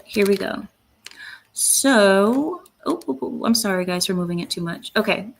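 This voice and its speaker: A woman hosts a solo commentary channel, voicing strong opinions with bluntness and indignation in a gravelly, medium-pitched voice. Every so often she stops to read a quote out loud.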